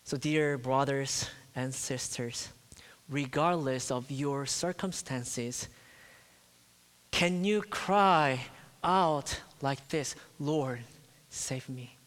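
A man preaching a sermon to his church, slow and deliberate, building to impassioned, pleading cries. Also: medium pitch, a bit bright. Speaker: pastor. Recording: long reverb of a church hall.

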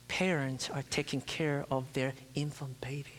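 This is a man's mid-range, steady-toned voice as a pastor delivers a slow, emphatic sermon. At moments he drops from loud to almost a whisper, all within a long, reverberant hall.

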